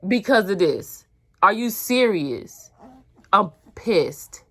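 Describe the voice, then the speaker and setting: A woman's voice: medium pitch, very animated, takes it slowly, sharp tone. A mother venting in a vlog, heated and emphatic, repeating herself. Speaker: mother vlogger.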